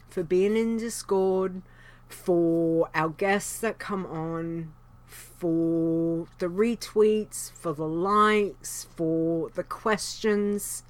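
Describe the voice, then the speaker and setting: Slow-talking woman hosting a stream. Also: fairly low pitch. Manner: warm, rambling thank-yous. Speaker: show host. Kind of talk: casual stream sign-off.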